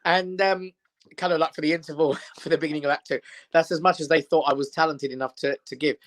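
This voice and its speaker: A man's voice: on the high side, fast. A middle-aged man, a comedian telling stories in casual chat and acting out the people in them. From England. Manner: animated anecdotes, acts out quoted voices. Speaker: comedian guest.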